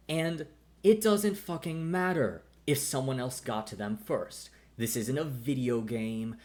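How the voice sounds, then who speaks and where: A man's voice: medium pitch, natural voice. Man playing a stern veteran ranger mentor. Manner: blunt, lecturing, swears. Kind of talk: in-character tabletop role-play.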